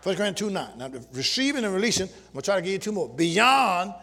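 High-pitched, bright-voiced preacher man. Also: big pitch swings, fast talker. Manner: preaching with call-and-response, shouting at peaks. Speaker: pastor. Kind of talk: sermon. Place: church sanctuary with congregation.

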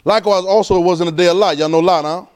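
A man preaching a sermon in a casual, conversational way, quizzing his congregation and often climbing to an excited pitch. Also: racing.

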